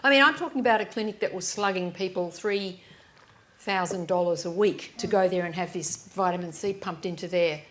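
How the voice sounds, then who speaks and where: On a live event stage, a woman author on a panel tells lively anecdotes, acting out the voices of the people in them and often restarting. She speaks fairly quickly in a fairly low voice.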